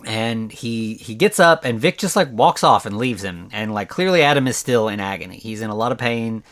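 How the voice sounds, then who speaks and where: A man's voice: on the low side, expressive, moderate pace, fairly bright tone. A man hosting a podcast alone, recapping a film in a rambling, conversational way, with lots of "like" and restarts. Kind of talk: casual solo movie recap.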